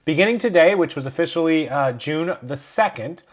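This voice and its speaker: A man's voice: on the high side, animated, normal speed. A man hosting a reselling vlog who reads a news story aloud and breaks off into casual asides. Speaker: reselling channel host.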